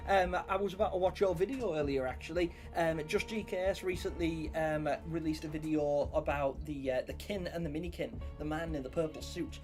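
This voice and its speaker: A man's voice: on the high side, fairly quick, hardly any pauses, a little mellow. A young man hosting a live stream, chatting casually and rambling as he greets viewers by name. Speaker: livestream host. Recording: faint music behind voice.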